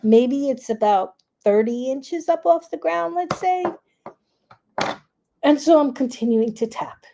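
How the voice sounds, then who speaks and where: Brief: woman coach, calm reflective storyteller, slow delivery, fairly high voice. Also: vocal fry, background noise. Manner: calm, reflective, acts out her own fearful self-talk. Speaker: grief relief coach and host. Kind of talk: personal storytelling.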